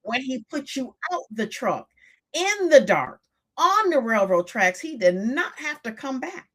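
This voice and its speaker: A woman's voice: high voice, big pitch swings, a little slow, a bit bright. Emphatic older woman coaching on a live stream. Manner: emphatic, repeating phrases for stress.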